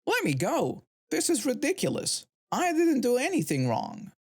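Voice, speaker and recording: A man voicing a shrill, entitled middle-aged woman who steals and lashes out. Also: huge pitch swings, measured pace, darkish tone, heavily acted. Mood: indignant.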